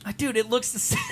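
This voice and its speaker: Lively high-voiced teasing man. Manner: teasing, quick to laugh. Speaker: podcast co-host. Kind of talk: casual chat.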